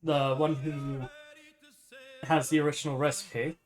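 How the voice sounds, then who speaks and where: A man's voice: a little high, level tone, a little slow. A man with a put-on Irish accent chatting casually to his livestream viewers while cooking. He swears often and laughs a lot. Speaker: streamer.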